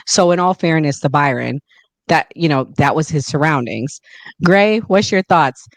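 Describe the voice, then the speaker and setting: A man's voice: fairly high pitch, animated, moderate pace, dry recording. A man hosting a casual panel discussion, passing questions to each guest in turn. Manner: moderating, turns questions to others. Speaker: panel host.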